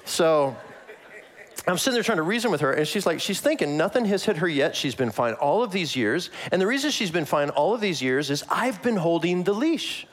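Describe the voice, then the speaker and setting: A man delivers a casual, story-filled sermon from the pulpit. His voice sits a bit high and swings widely in pitch as he acts out little exchanges. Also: fairly quick. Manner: conversational and animated, acting out voices in asides. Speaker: pastor.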